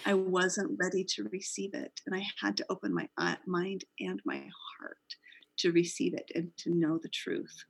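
A woman's voice: lowish voice, big pitch swings, normal speed, gravelly, breathy edge. A middle-aged woman, a company founder, earnestly telling the story of how her business began in an interview.

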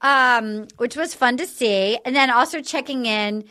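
A woman hosting a casual podcast chat, recapping a show and acting out quotes with animated voices. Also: on the high side, unhurried. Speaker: podcast host.

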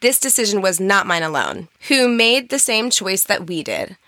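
Bright, chatty woman podcast host. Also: mid-range voice, sing-song, moderate pace, no room sound. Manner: chatty, laughing, frank. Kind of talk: casual chat.

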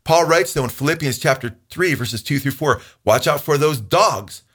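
A man's voice: on the high side, expressive, moderate pace, fairly bright tone, slightly rough. A man teaching the Bible in a conversational way, earnest and emphatic, quoting scripture at length with some restarts.

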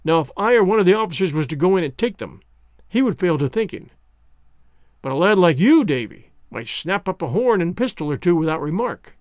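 A man's voice: high-pitched, big pitch swings, fairly quick, dry recording, studio quality. A man reading an audiobook, voicing a scheming ship captain who coaxes a boy with sly promises. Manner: coaxing and sly.

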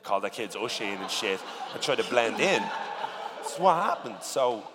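A man with a working-class Dublin accent, talking in a casual interview, animated and swearing often with lots of "you know what I mean". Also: fairly low pitch, moderate pace, in a large hall, very noisy. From Dublin, Ireland. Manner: animated, swearing, filler-heavy storytelling. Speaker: rapper, interview guest.

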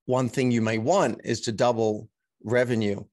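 A man's voice: mid-range voice, steady tone, normal speed, a little mellow, no room sound. Reflective male coach, dry sound. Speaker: coach, guest. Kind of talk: casual interview chat.

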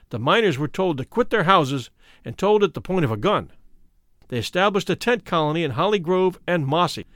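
Man, audiobook narration, measured, solemn, somewhat high voice, dry sound. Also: a bit bright, no echo.

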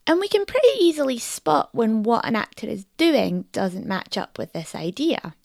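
A woman's voice: a little high, big pitch swings, moderate pace, creaky, darkish tone, no room sound, studio quality. A woman hosting a podcast, giving scripted, explanatory narration. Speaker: podcast host.

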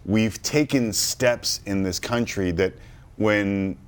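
A man's voice: on the low side, slow, smooth. A man from Canada hosting a sports talk show, playful and theatrical as he introduces his guests.

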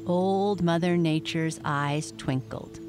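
A woman reading a bedtime story aloud in a calm, gentle way. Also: lowish voice, slow. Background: soft music.

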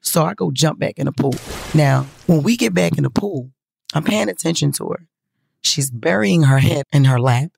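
Woman spilling a crazy story, super gravelly fry, cusses a lot, talks right to y'all. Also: deep voice, normal speed, a little hiss or hum. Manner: profane, animated storytelling addressing viewers. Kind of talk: casual storytime.

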